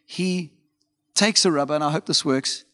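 A man's voice: fairly high pitch, moderate pace, bright, forceful tone. A man preaching a conversational sermon as a pastor, telling stories informally with frequent fillers and asides. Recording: long hall reverb.

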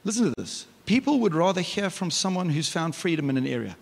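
A male pastor, preaching a lively, conversational sermon with frequent restarts. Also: high voice, brisk, creaky. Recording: reverberant church hall.

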